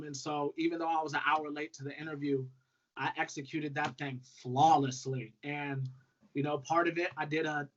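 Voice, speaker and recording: A man in his thirties, a brand ambassador guest, talking in a relaxed, upbeat way with lots of fillers. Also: on the high side. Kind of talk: casual conversational storytelling. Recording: dull lo-fi audio with faint noise.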